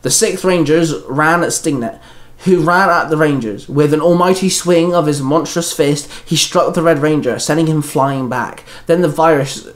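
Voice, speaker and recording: A man narrating a fan-written story in a steady, plain storytelling manner. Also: a little high, moderate pace. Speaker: fan fiction reader. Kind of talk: story reading.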